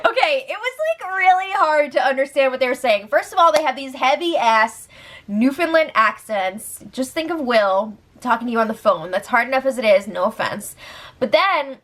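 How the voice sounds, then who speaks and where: A young woman talks through a casual recap in a slightly high voice. She is chatty and giggly, and she fills her talk with little verbal fillers. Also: expressive, moderate pace, fairly bright tone. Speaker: host recapping a reality show.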